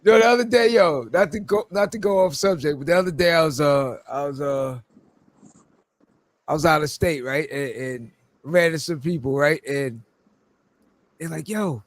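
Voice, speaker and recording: Laughing New York podcast host. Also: male voice, a little high, normal speed, long pauses, dry recording. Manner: laughs often, animated storytelling with put-on voices. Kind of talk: casual chat.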